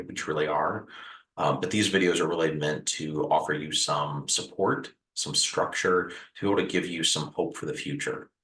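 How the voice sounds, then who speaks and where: A man's voice: extremely low pitch, reverberant, rough recording. A man hosting a video on recovering after a house fire, talking earnestly and reassuringly to the viewer, with repeated phrases and the odd "uh". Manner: gentle, reassuring, repetitive phrasing with fillers. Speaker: host sharing house fire recovery advice. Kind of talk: earnest direct-to-camera advice talk.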